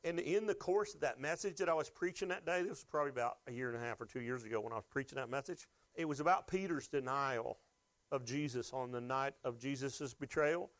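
A man's voice: medium pitch, fairly quick, a bit bright. A man pastor preaching a sermon, telling stories with animation and speaking directly to his congregation.

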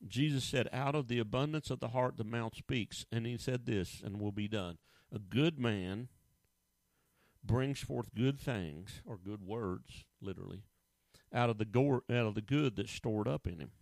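A middle-aged man delivers a sermon, punching key words and firing rhetorical questions in a plain, folksy manner. His voice sits at an ordinary male pitch and sounds close and dry, with almost no room around it. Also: unhurried, creaky, darkish tone, dry recording. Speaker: pastor.

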